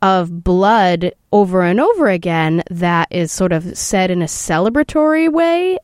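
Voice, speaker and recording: A woman's voice: fairly low pitch, very animated, a little slow, darkish tone, no echo, studio quality. A woman hosting a podcast interview, asking thoughtful, probing questions.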